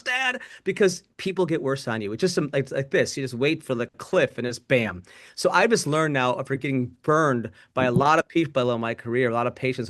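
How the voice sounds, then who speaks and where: A middle-aged man, an eye surgeon, talking quickly and with energy on a webinar panel, with frequent restarts. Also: medium pitch. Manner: fast, animated, quick restarts. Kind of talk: webinar talk.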